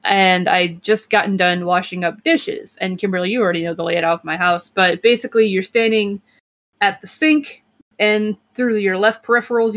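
A young woman co-hosting a podcast, telling a story in a casual, rambling way with lots of "like" and "um" and quick laughs. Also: medium pitch, fairly bright tone. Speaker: podcast co-host.

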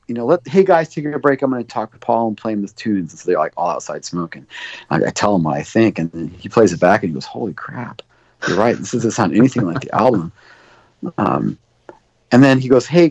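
On an interview show, a guest record producer with a fairly low, slightly mellow voice rambles through lengthy stories, using lots of fillers and acting out what people said. The recording is dry and lo-fi with a dull tone and no room sound.

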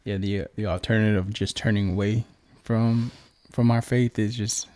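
Husband co-host, low and calm, reassuring with stop-start delivery. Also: male voice, dry recording. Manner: halting, reassuring, with restarts. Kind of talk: supportive casual chat.

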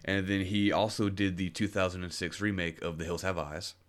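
A man co-hosting a podcast, talking casually in an earnest, informative way with some halting. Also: deep voice, little pitch movement. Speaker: podcast co-host. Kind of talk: casual chat.

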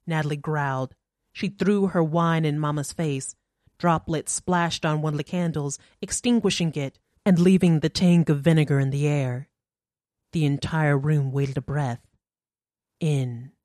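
Woman narrator, audiobook story reading, low voice, dry close sound. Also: measured pace, a little mellow, no echo.

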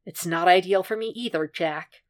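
A woman voicing a weary, calm and stubborn male profiler who speaks in a low, dry, level way. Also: moderate pace, close to an everyday voice.

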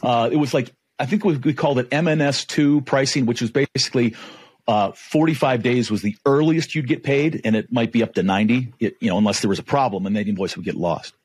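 A man's voice: mid-range voice, fairly quick, breathy edge, no room sound. A middle-aged man, a negotiation trainer, telling a career story and acting out the dialogue. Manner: animated, acts out dialogue. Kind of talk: storytelling in a talk.

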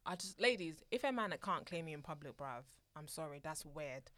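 A woman co-hosting a casual podcast chat, animated and laughing as she tells stories. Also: deep voice, a little fast, no room sound. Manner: animated, laughing, restarts while storytelling. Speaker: podcast co-host.

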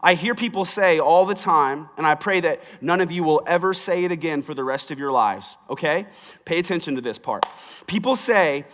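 A man's voice: a little high, animated, normal speed, fairly bright tone. Preaching man in a reverberant hall. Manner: conversational preaching, rising to emphatic. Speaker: pastor. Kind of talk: sermon.

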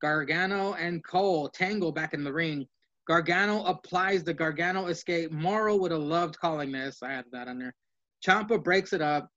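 Man rattling off a quick wrestling recap. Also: fairly high pitch, a bit bright. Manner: rapid play-by-play, swears casually. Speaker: podcast co-host. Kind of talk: casual wrestling recap from notes. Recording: dull lo-fi sound.

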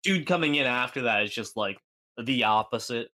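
A young man co-hosting a podcast rambles through a comic story, packing it with fillers and putting on voices for the people in his anecdote. His mid-range voice is bright and forceful, with lively intonation and a moderate pace. It's casual comedic storytelling.

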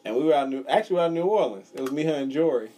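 A young man with a husky, mellow voice chats casually on a podcast. His pitch swings widely as he tells long, rambling, profane stories. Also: expressive, racing. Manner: rambling storyteller, swears freely. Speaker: podcast co-host. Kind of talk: casual chat.

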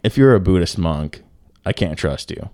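A young man with a fairly low voice co-hosts a casual podcast, rambling through a story with constant fillers and swearing. The sound is dry and close to the mic. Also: expressive, moderate pace, no room sound. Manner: profane, rambling, lots of fillers, swings to loud disbelief. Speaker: podcast co-host.

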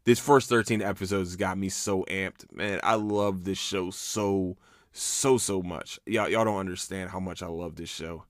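A man hosting his own podcast, talking casually and excitedly, swearing often and restarting his sentences as he rambles. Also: low-pitched, unhurried, dry recording, clean studio sound. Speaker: podcast host. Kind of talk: casual solo podcast chat.

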